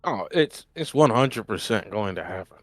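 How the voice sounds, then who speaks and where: A man's voice: lowish voice, lively intonation, moderate pace, a bit bright, no room sound. Emphatic ranting podcast co-host, man. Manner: emphatic, ranting, repeats points for effect. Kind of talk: casual chat.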